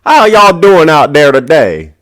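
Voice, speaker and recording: A man's voice: fairly high pitch, sing-song, mellow, no room sound. A man, the host of a sports podcast, putting on a gloating mock cowboy drawl and stretching out his words. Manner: exaggerated yokel drawl, drawn-out words.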